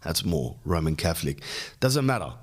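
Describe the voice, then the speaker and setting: Rambling jokey Australian man, lowish voice. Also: very animated, moderate pace, slight background noise. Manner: rambling, jokey, riffs on lists. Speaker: podcast host. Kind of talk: casual storytelling monologue.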